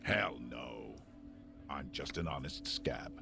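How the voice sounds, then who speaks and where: A hulking, hostile mercenary in a game, speaking in a deep, gravelly growl. He grumbles his words slowly and curtly, barely bothering to answer. A music score plays under the game audio. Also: lively intonation, exaggerated voice. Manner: curt, grumbling. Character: hulking gruff male mercenary, tense and hostile.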